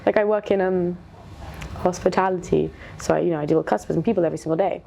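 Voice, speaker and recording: A young woman being interviewed, talking candidly and reflectively, often pausing and restarting her sentences. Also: fairly low pitch, fairly even intonation, vocal fry, mellow. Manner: reflective, hesitant, many restarts, laughs while retelling stories. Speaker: interview guest.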